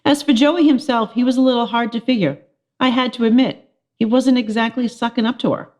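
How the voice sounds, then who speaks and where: A middle-aged woman, a teacher, reading a children's chapter book aloud, telling it with lively expression. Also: a little high, fairly quick. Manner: expressive storytelling with character voices.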